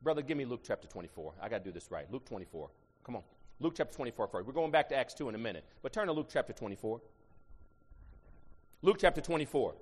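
A middle-aged man from Ohio with an Ohio accent, preaching a sermon. He swings between shouted emphasis and low asides and draws the congregation into call-and-response. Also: lively intonation, quick pace, slightly rough. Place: church sanctuary. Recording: long reverb in a large hall.

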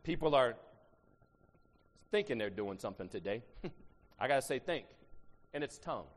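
A middle-aged man from Ohio with an Ohio accent, preaching a sermon. He swings between shouted emphasis and low asides and draws the congregation into call-and-response. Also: expressive, normal speed. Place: church sanctuary. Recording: long reverb in a large hall.

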